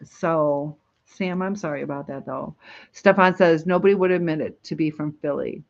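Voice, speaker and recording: A woman's voice: deep voice, normal speed, creaky. Lady doing a casual livestream, rambly, laughs a lot, kinda dull lo-fi sound. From Michigan, USA. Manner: rambling, reads viewer comments aloud, laughs often. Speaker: livestream host. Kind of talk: casual live chat.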